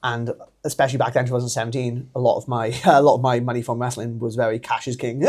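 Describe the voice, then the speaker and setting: A man's voice: mid-range voice, fast talker. Chatty welsh man telling a story. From Wales. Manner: animated, laughs often, acts out quoted voices. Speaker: podcast guest, pro wrestler. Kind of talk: casual storytelling interview.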